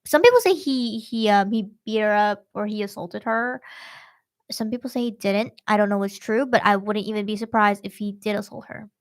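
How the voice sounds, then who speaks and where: A woman's voice: medium pitch, normal speed. A young woman hosting a true-crime podcast, retelling a case in casual, slangy chat. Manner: slangy, animated storytelling.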